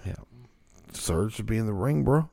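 Male co-host, low and gravelly; loose, rambling, profane chat. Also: expressive, moderate pace, a little mellow, dry recording. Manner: rambling, loose, swears freely. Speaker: podcast co-host. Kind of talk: casual chat.

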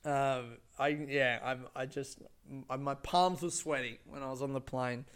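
A man's voice: medium pitch, fairly even intonation, a little slow, a bit bright, clean tone. A man telling a personal story in a casual monologue, rambling and profane with many fillers and restarts.

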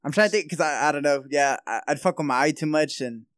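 A young man with a somewhat high voice chats on a podcast. He is hesitant and giggly, and he often trails off. The sound is dry and close. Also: fast talker, fairly bright tone, dry recording. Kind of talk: casual chat.

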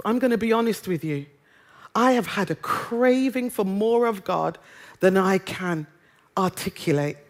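A British woman preaching a sermon in a conversational, humorous way, drawing out quoted lines and song words. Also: fairly high pitch. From Britain.

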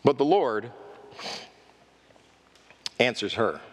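A man's voice: mid-range voice, extremely slow. A male pastor delivers a sermon in a church, his voice swinging widely up and down as he acts out quoted lines. He keeps turning to the congregation with direct questions. His voice carries a long echo from the sanctuary. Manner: animated preaching, acting out quoted speech. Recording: echoey hall reverb.

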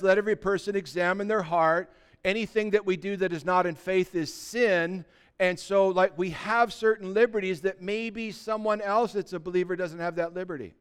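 High, smooth-voiced preaching man. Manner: conversational preaching, rising to loud emphatic shouts; acts out quoted voices of believers. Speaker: pastor. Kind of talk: sermon.

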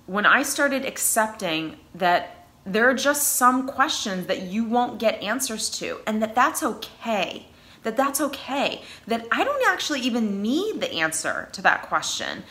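A woman's voice: medium pitch, sharp tone. A woman with a New England accent giving casual, earnest advice in a conversational way, with frequent fillers. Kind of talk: casual advice talk on anxiety.

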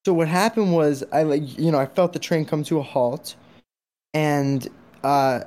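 A man's voice: fairly high pitch, measured pace, a little mellow. A young man co-hosting a podcast, telling a story casually with lots of fillers and restarts. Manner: rambling, many fillers and restarts. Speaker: podcast co-host.

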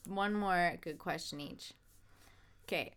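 A woman's voice: on the low side, slow pace, a bit bright, clear, resonant tone. A woman hosting a casual chat, sarcastic and self-mocking, laughing often. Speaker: podcast host.

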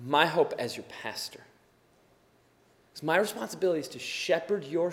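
A tired man preaching as a pastor, earnest and swinging from quiet to loud emphasis. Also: a little high, lively intonation, moderate pace, pauses often, in a large hall. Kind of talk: sermon.

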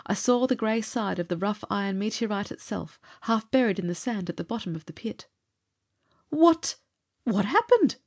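A woman's voice: mid-range voice, fairly quick, few pauses. Woman reading an adventure story aloud. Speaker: narrator.

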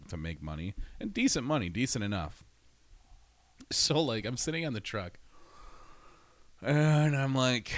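A man telling a story in a casual, profane monologue, ranting and laughing as he goes. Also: low voice.

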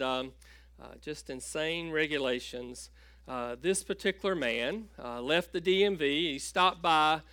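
A male pastor preaching a sermon, telling a joke story and halting often with fillers and restarts. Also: on the high side, fairly bright tone, no echo.

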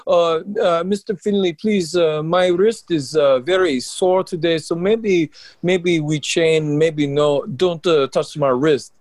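A man puts on a fumbling wrestler with a heavy, overdone French accent, his voice lifted well above its usual pitch. The pleading comes out hesitant and broken up by little pauses. The sound is close and dry. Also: darkish tone, no room sound. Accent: French, exaggerated.

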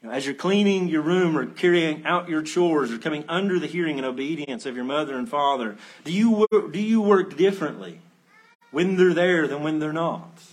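A man preaching an expository sermon, earnest, swelling to emphatic peaks, then dropping low, with conversational asides and rhetorical questions. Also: lively intonation, normal speed. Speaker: pastor.

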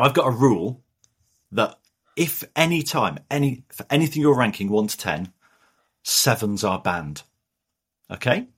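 A man from northern England, a podcast guest, talking in an animated, jokey way. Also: on the low side, slightly rough. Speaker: guest, business author. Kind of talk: podcast interview.

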